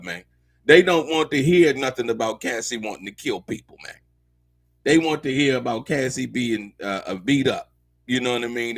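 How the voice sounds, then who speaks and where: A man's voice: mid-range voice, creaky, no room sound. A man hosting a live show, commenting on court news in a loose, slangy way, repeating himself and talking straight to his viewers.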